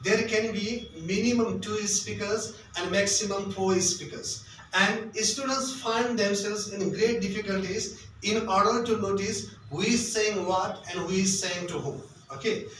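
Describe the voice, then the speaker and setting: A man's voice: high voice, steady tone, unhurried, fairly bright tone, a little hiss or hum. A man with a Nepali accent giving exam tips as an English tutor, repeating himself and asking rhetorical questions he answers himself. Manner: repetitive, asks rhetorical questions and answers them. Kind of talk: spoken tips lesson. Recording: very echoey room, mic at a distance.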